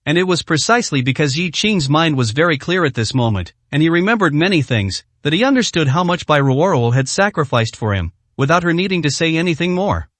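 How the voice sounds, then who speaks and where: A man narrating a translated fantasy novel in steady, scripted storytelling. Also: on the high side, a little fast, few pauses, no room sound.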